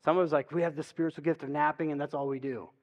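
Chatty pastor in a reverberant church. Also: male voice, on the high side, fairly even intonation, very fast, darkish tone. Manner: conversational, chatty storytelling with frequent "like" and "right?". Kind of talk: sermon. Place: church sanctuary. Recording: long reverb of a church hall.

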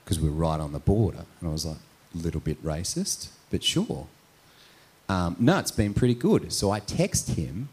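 A man's voice: low voice, sing-song, moderate pace, a little mellow, husky. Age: adult. A male pastor telling a story in a conversational sermon, often tagging his points with "right?". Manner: storytelling, frequent "right?" tags.

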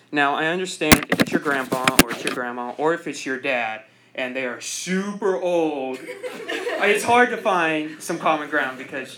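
With background noise behind him, a young man with a mid-range voice gives an informal speech to a group. It's rambling and self-deprecating, with frequent laughter at his own jokes and heavy "like" filler.

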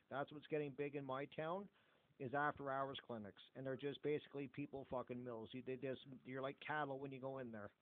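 A middle-aged Canadian man hosting a podcast in blunt, casual chat full of swearing. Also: mid-range voice. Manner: blunt, heavy swearing, animated. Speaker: podcast host. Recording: phone-like narrow audio.

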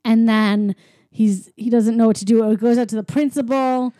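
A woman's voice: on the high side, steady tone, normal speed, mellow, dry recording, clean studio sound. A woman chatting casually while retelling a film plot, with "like" in nearly every sentence. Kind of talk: casual chat recapping a film.

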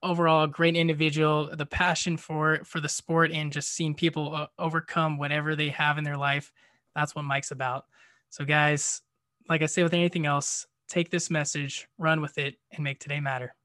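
A man's voice: fairly high pitch, little pitch movement, moderate pace, sharp tone. A man hosting a podcast, upbeat and encouraging as he wraps up the episode. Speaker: podcast host. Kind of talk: podcast host talk and outro.

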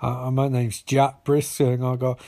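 A man's voice: medium pitch, little pitch movement, vocal fry, warm tone, natural voice. A man voicing a rambling older male scientist who halts and wanders through his theories. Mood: musing. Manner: rambling, halting.

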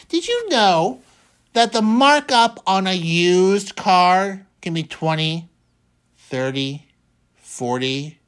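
A man's voice: sits high, fairly bright tone. A male talk radio host speaking in a running monologue. He is wry and sarcastic, repeats his own lines for emphasis, and leans on folksy exclamations.

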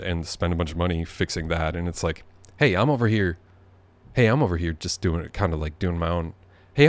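A man hosting a podcast from his living room, rambling through a sardonic, profane comedic monologue. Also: low voice. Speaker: podcast host.

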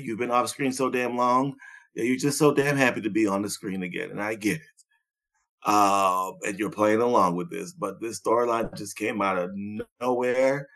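A man's voice: mid-range voice, fairly bright tone. A man co-hosting a podcast, talking in casual chat, blunt and profane, laughing often and throwing in sarcastic asides. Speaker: podcast co-host.

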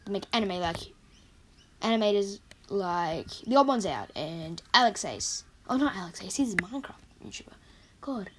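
Chatty young woman with a croaky voice. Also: medium pitch, animated, moderate pace, slight background noise. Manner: rambling, chatty, self-correcting. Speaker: vlogger. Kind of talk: casual movie countdown chat.

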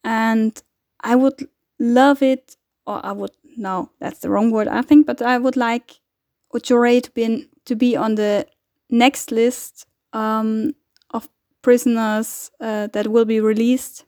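A woman hosting a weekly podcast update, speaking in a hesitant, halting way with many fillers and restarts. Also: a little high, steady tone, darkish tone, dry recording, clean studio sound. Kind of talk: casual spoken appeal.

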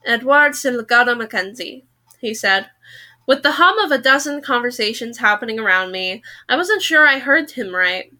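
Woman reading a sci-fi novel out loud, bright voice, a bit high, fixes her own slips. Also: expressive, moderate pace. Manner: casual, self-correcting reading. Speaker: podcast book reader.

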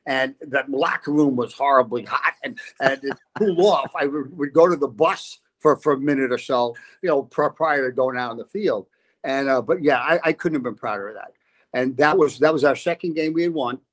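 A man's voice: mid-range voice, brisk. An older man, a football coach, telling stories as a podcast guest and laughing often. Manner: lively storyteller, laughs often. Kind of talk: casual podcast chat.

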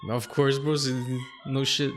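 A man's voice: medium pitch, level tone, measured pace, soft background music. A young man with a Quebec accent, co-hosting a casual podcast chat, joking in a laid-back way and mixing English and French. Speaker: podcast co-host.

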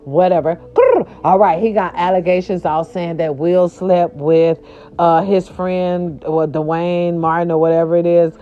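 A woman hosting a casual gossip talk show, sassy and dramatic, with slangy, playful delivery. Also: unhurried. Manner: animated, sassy, slangy, dramatic pitch swings. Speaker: show host. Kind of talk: casual celebrity gossip monologue. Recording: dull lo-fi audio.

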